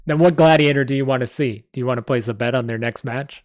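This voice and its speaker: A greedy little goblin barks and snorts in a New York accent, put on by a man reading a story aloud. He is brash and mocking. The voice sits higher than the reader's own, in a dry, close sound. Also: fast talker, dry recording, close to an everyday voice.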